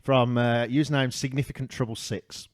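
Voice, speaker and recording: A man's voice: medium pitch, steady tone, moderate pace, no room sound, clean studio sound. A man co-hosting a casual podcast, reading out listeners' food opinions and swearing freely. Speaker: podcast co-host. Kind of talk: casual chat. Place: small room, recording on a laptop. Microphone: headphones and mic.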